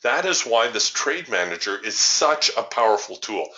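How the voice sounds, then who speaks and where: Very animated and forceful, a man with a bright mid-range voice runs a trading webinar at normal speed, pointing to a chart. He's emphatic and keeps posing rhetorical questions to viewers, and the sound is muffled and lo-fi.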